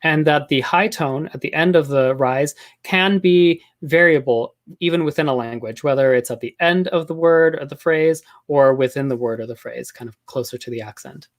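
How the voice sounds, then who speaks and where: Man giving an academic linguistics talk. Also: a little high. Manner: measured, hesitant with frequent fillers. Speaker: linguistics lecturer.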